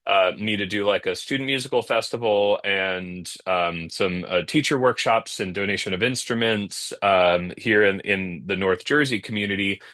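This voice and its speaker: A man's voice: fairly low pitch, moderate pace, hardly any pauses, a bit bright, dry recording. A man chatting as a guest on a video call, rambling with lots of fillers and restarts. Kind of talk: casual video-call interview. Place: home in the North Jersey area.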